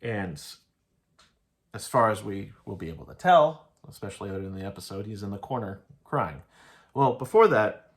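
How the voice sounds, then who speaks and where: A man casually analyzing an anime episode, rambling through his retelling and peppering it with "like". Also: fairly low pitch. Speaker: anime reviewer.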